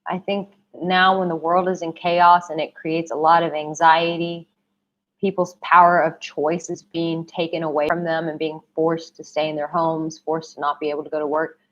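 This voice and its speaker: A young woman, a dating and relationship coach, answers questions on a live stream, her low voice delivered flatly at a moderate pace. She's affectionate and emphatic, repeating herself and calling viewers "babe," though her voice is clearly giving out. The livestream audio sounds dull and lo-fi.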